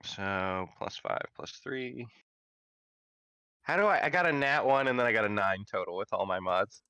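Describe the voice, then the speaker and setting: A man's voice: on the low side, animated, moderate pace, pushed and bright, clean tone, dry recording. A man playing a tabletop game, chatting playfully and laughing often. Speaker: player. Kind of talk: casual tabletop game chat.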